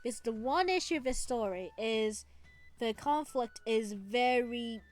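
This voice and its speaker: A young woman streaming a video game live, excitable and playful with loud outbursts, game music behind her. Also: on the high side, measured pace.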